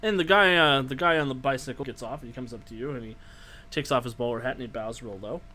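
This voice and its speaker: A man narrating a tabletop game as game master, relaxed and hesitant, with many ums. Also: mid-range voice, quick pace.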